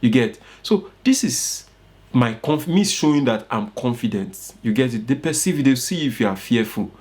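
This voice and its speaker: A man's voice: mid-range voice, animated, moderate pace, a little mellow. A young man with a Nigerian accent teaching an informal online course, coaching his listeners and often checking "you get it?". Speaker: course instructor.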